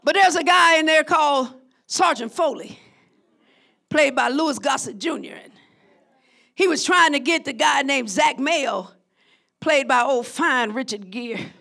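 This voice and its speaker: A middle-aged woman pastor preaching a sermon, swinging between shouted, impassioned declarations and soft, low passages. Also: gravelly. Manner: drops to a soft, low, intimate tone.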